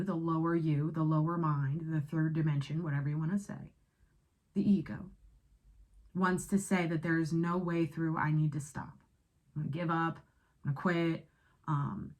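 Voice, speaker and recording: Woman tarot reader, lowish voice, casual and emphatic, spiritual channel host. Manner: casual, emphatic, swears, switches into quoted inner voices.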